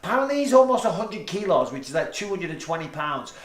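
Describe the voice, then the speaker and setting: A man's voice: high voice, very animated, fast, echoey room. A man hosting a podcast, chatting casually, joking and swearing a lot. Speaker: podcast host. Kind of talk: casual chat. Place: studio room with lighting setup.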